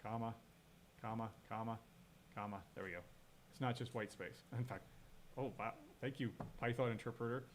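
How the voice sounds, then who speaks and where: A man at a middle pitch gives a live-coding lecture. He thinks aloud as he types and corrects his own slips. He asks the class questions, and a faint hum sits under his voice. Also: fairly even intonation, moderate pace, pauses often. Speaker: programming lecturer.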